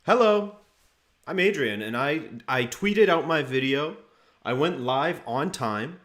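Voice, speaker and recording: A man's voice: a little high, expressive, slow pace, a bit bright. A man hosting a live football watchalong stream, chatting casually, going over lineups and greeting viewers from the chat by name.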